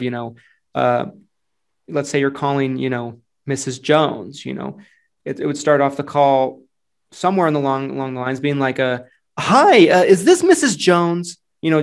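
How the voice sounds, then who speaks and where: A man hosting a podcast, talking casually about phone sales in a relaxed, loose way with lots of fillers. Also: mid-range voice, gravelly, clear, resonant tone. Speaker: podcast host and insurance sales agent.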